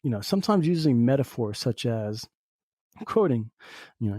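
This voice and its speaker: A man's voice: medium pitch, big pitch swings, moderate pace, darkish tone, dry recording, studio quality. A man hosting a podcast, talking through a personal reflective monologue in a rambling way, full of "you know" fillers. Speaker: podcast host. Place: lives in Southern Oregon.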